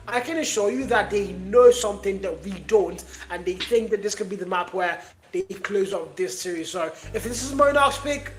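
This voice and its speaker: A man casting a live esports match from Nairobi, chatty and excitable, often laughing. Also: sits high, normal speed, faint music behind. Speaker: esports caster. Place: Nairobi, Kenya.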